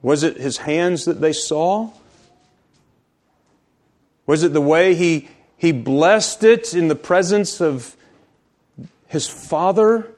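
A man delivering a sermon in a high-pitched voice. He hammers his points through repetition and draws out the key phrases. At times he sinks almost to a whisper to stress a word. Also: takes it slowly, pauses often, a little mellow. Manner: emphatic, repetitive, drops to near-whisper for stress. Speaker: preacher.

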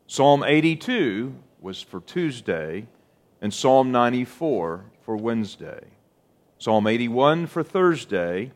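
A middle-aged man preaching a sermon in a measured, unhurried way. He takes his time and stretches key words for emphasis. His voice sits at an ordinary middle pitch. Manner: slow, deliberate preaching with drawn-out emphasis. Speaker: pastor.

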